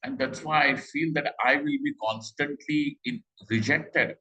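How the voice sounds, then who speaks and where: A middle-aged man giving a scripture class, talking conversationally with rhetorical questions and slow Sanskrit quotes. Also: medium pitch, sharp tone, low-quality recording. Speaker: Vedanta teacher.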